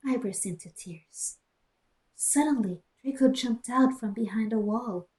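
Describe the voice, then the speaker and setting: A woman's voice: a little high, a little slow, mellow, low-quality recording. A young woman streamer reading a story aloud with sarcastic asides and muttered jokes, into a cheap headset in a small closed room. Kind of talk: mocking dramatic reading with asides. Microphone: cheap gaming headset.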